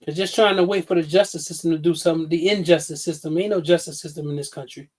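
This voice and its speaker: A man's voice: fairly high pitch, steady tone, fast talker, darkish tone. A man, ranting bluntly and profanely on a casual livestream. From New York City. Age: 50s. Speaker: livestream host.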